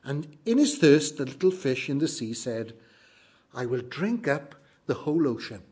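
A middle-aged man preaching a sermon, earnest and emphatic, moving between loud exclamations and hushed lines. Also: medium pitch, very animated, moderate pace, slightly rough.

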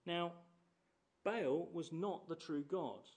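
A man's voice: a little high, takes it slowly, a little mellow, husky. A man in his thirties preaching a sermon in a conversational way, often asking rhetorical tag questions.

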